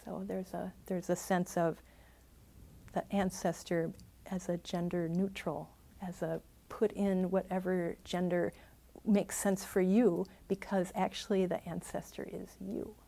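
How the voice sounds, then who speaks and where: A woman's voice: fairly low pitch, flat delivery, measured pace, gravelly, warm tone. A woman meditation teacher giving a dharma talk and answering questions, thoughtful and hedging, laughing easily.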